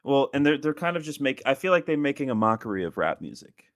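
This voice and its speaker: A man's voice: medium pitch, very animated, quick pace, dry recording, clean studio sound. A man co-hosting a casual podcast chat, rambling with lots of "like" fillers and frequent laughs. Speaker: podcast co-host.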